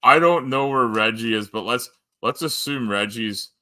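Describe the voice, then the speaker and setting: A man's voice: medium pitch, normal speed, bright, forceful tone. A Canadian man with a Canadian accent hosting a casual live-stream chat, rambling and joking with lots of fillers. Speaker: host.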